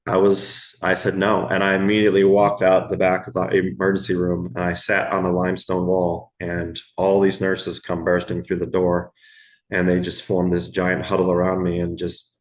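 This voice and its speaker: A middle-aged man, telling stories from his years as an emergency room medic in a podcast interview, slow and halting, repeating words as he goes. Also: low voice, completely flat delivery. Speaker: guest, former ER medic.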